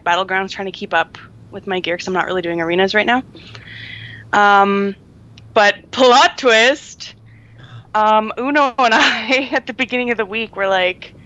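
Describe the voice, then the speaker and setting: A woman's voice: medium pitch, moderate pace, pushed and bright, highs cut off. A woman co-hosting a podcast in casual chat, chatty and laughing often, with many ums. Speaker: podcast co-host.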